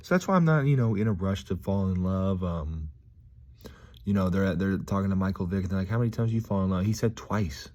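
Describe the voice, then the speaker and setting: A man with a low, deep voice rambles through a casual vlog, upbeat and reflective. He drifts between thoughts with frequent pauses. He is talking from a gym. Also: mellow. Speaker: vlogger.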